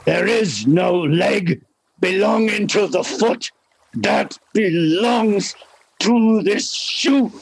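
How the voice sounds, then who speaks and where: An actor voicing a stern village cobbler in a radio drama, slow and deliberate. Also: male voice, high voice, vocal fry, breathy edge, dry recording, full character voice.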